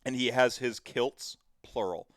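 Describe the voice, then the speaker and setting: A man's voice: medium pitch, a little slow, no room sound, clean studio sound. A man in his thirties hosting a casual podcast chat, rambling with plenty of fillers and the odd swear word. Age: 30s. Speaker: podcast host.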